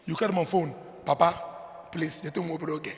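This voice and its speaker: Emphatic high-voiced Nigerian preacher, reverberant hall. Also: male voice, fairly even intonation, brisk. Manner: emphatic preaching, swinging between loud declarations and low asides. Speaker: pastor. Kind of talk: sermon.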